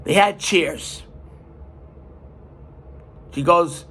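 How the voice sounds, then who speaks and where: A man hosting a podcast, retelling a story in an animated, emphatic way. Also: a little high, a little slow, pauses often. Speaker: podcast host. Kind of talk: casual storytelling.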